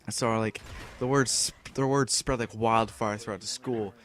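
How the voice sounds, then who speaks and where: A man's voice: fairly low pitch, fairly even intonation, moderate pace, fairly bright tone, a little hiss or hum. A teenage boy from the United States telling a rambling story over gameplay, full of fillers and restarts. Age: teens. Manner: rambling, filler-heavy, with restarts and acted-out quotes. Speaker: gameplay commentator.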